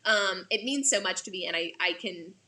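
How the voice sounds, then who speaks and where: A woman with a mid-range, sharp-toned voice speaks at a moderate pace on a video call with an actor. She is the assistant artistic director and the play's director, gushing, laughing often and rambling with fillers.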